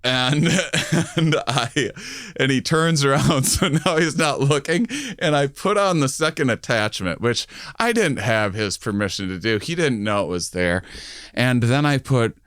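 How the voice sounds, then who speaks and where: A man's voice: mid-range voice, expressive, unhurried, fairly bright tone, clean tone, no echo, clean studio sound. A man co-hosting a podcast, telling a long comic anecdote and often laughing through it. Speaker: podcast co-host. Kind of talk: comedic storytelling.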